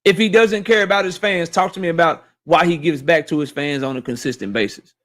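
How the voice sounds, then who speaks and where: A man's voice: fairly high pitch, fairly quick, a bit bright. A man hosting a casual boxing livestream, ranting animatedly and profanely while reading chat messages.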